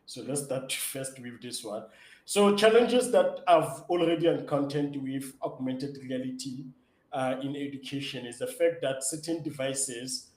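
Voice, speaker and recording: A man from Africa, answering interview questions as an app founder in an excitable, enthusiastic way. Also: mid-range voice, unhurried. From South Africa. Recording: roomy echo.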